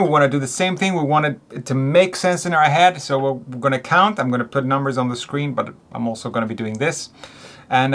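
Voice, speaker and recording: A man teaching songwriting in a relaxed way, counting beats aloud and singing short examples. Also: medium pitch. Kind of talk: music lesson.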